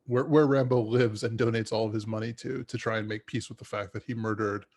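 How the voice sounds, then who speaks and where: A man's voice: on the low side, fairly even intonation, fairly quick, a little mellow. A man co-hosting a podcast, chatting casually about movies in a rambling way with frequent restarts. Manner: rambling, many restarts and fillers. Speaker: podcast co-host.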